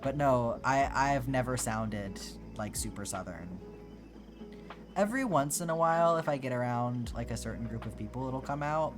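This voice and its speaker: Casual streamer from the US South, mid-pitched, chats with viewers over clear background music. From Georgia, US. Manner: chatty, thinks aloud with many "like"s and restarts. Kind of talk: casual chat, reading and answering live chat.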